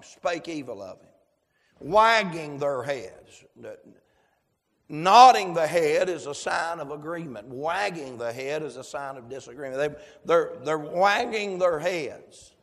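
A man preaching, praying and reading scripture aloud with slow, emphatic cadence. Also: a little high, a bit bright, long reverb tail. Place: church sanctuary.

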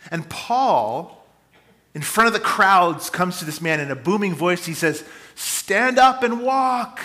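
A man delivers a sermon with dynamic, swinging emphasis, rising loud and dropping to quiet asides. His voice is bright and forward, sitting a little high for a man. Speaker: pastor.

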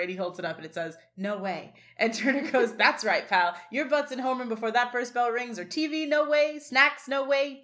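A woman's voice: medium pitch, fairly bright tone. A woman co-hosting a podcast, chatting casually and recapping scenes with lots of fillers. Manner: chatty, many fillers, reads quotes aloud. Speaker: podcast co-host.

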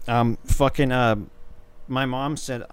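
A man's voice: medium pitch, little pitch movement, slow pace, smooth. A man in crude casual chat, swaggering and heavy on slang. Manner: loud, swaggering slangy banter.

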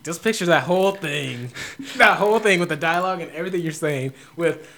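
A young man with a somewhat high voice co-hosts a casual podcast. He jokes around, talks in slang and fills his sentences with filler words. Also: bright, forceful tone. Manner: jokey and chatty, quick to laugh. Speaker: podcast co-host. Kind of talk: casual chat.

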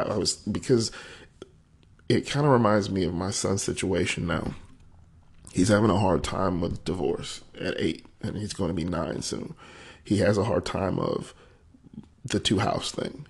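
A man with a very low, gravelly voice recounts a personal story on his podcast. He talks in a candid, emotional, conversational way, and there's a husky edge to his tone. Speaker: podcast host.

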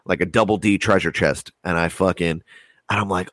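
A man's voice: low-pitched, a little fast, dry recording. A man telling a long story in casual chat, rambling and swearing a lot. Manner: rambling, heavy swearing, animated retelling.

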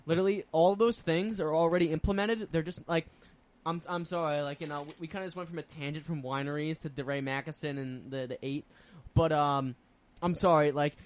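Brief: young guy, slightly higher voice, blunt and profane, podcast co-host. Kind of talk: casual podcast chat.

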